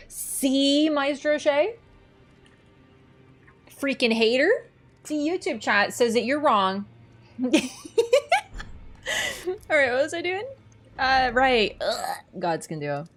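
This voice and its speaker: A young adult woman chatting casually and teasing her chat while live-streaming a video game, thinking out loud with lots of fillers. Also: on the high side, expressive, a little slow. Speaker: gaming streamer.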